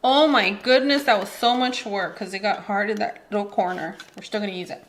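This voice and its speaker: A woman's voice: mid-range voice, fairly quick. A woman in her thirties hosting a casual home cooking video in her kitchen, chatty and playful, dropping in Spanish words as she talks. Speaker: cooking channel host.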